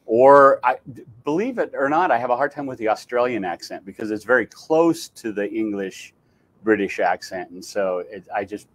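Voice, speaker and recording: A man's voice: fairly low pitch, animated, moderate pace. Man demonstrating voices theatre guest. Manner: laughs easily, demonstrates accents. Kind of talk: casual chat.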